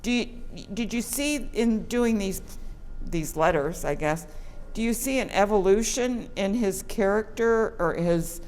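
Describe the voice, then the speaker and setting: A woman interviewing guests, enthusiastic and halting as she asks questions. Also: mid-range voice, darkish tone, slight background noise.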